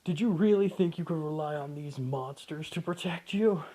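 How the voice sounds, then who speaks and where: Guy doing a mocking young villain, higher and louder than his own voice, sneering. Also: normal speed, natural voice. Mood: gloating. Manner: mocking, contemptuous. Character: gloating cruel young male villain.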